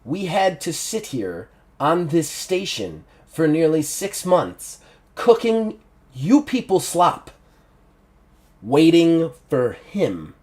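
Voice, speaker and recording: A man voicing a big, menacing male thug who speaks slowly and with quiet threat. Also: on the high side, very animated.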